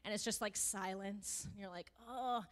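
Animated woman sharing in an echoing hall. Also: mid-range voice, moderate pace. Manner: animated storytelling, acts out voices in quotes. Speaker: worship dance teacher leading a sharing time. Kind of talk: church testimony sharing. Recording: long reverb of a large room.

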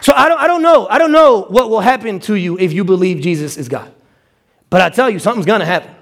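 A male pastor preaching with a notably high voice. He swings into quoted voices and repeats words as he pushes his points along. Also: quick pace. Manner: animated, acts out quotes with stammered repeats. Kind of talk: sermon.

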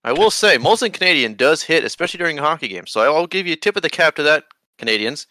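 A man's voice: fairly high pitch, expressive, quick pace, bright, forceful tone, dry recording. A man hosting a podcast, playful and jokey in casual chat. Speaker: podcast host.

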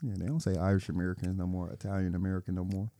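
A man co-hosting a podcast in casual chat, animated and laughing often, with a dry close sound. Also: deep voice, racing, no echo. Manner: animated, laughs often, slips into mock voices. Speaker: podcast co-host.

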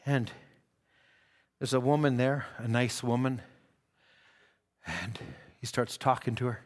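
A man's voice: mid-range voice, slow pace. A man preaching a sermon in church, telling stories and acting out the quoted dialogue.

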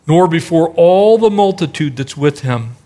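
A man's voice: fairly high pitch, expressive, a little slow, warm tone. A middle-aged male pastor preaching a sermon in a conversational way, acting out the voices in the stories he tells.

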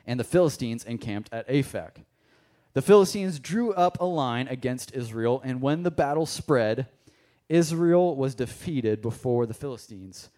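A young man preaching a sermon, telling a personal story in a casual, animated way and addressing the congregation directly. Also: medium pitch. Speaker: pastor. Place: church service.

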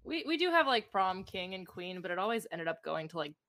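Female podcast guest, low bright voice, dry close sound, laid-back chat. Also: big pitch swings, fairly quick, no echo. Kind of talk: casual chat.

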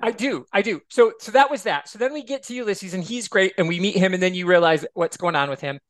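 A man's voice: high voice, quick pace, fairly bright tone, no room sound. A man guesting on a podcast, chatting casually and expressively and swearing freely. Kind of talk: casual chat.

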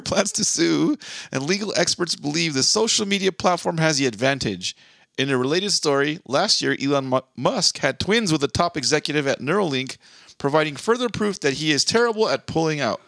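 A man's voice: a little high, animated, fairly quick, gravelly, a bit bright, no echo, studio quality. A man co-hosting a casual comedy podcast, joking around and reading mock news stories. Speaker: podcast co-host.

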